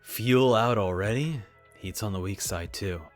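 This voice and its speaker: Man reading as cruel warrior, sneering, low, quiet, taunting. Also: unhurried, faint music behind, lightly acted.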